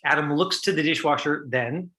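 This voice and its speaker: A man's voice: a little high, normal speed, sharp tone, low-quality recording. A middle-aged man teaching an online acting class, chatty and full of fillers, acting out line readings for his students.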